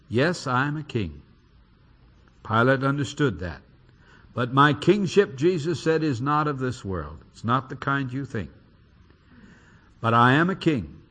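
Slow, lively-voiced male preacher. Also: medium pitch, breathy edge. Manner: lively, emphatic Bible reading with dramatic quotes. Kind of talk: expository sermon.

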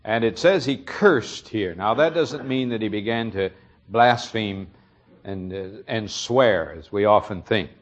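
A man's voice: on the low side, measured pace. A man preaching a sermon, retelling a story earnestly and explaining it, his emphasis rising on key moments.

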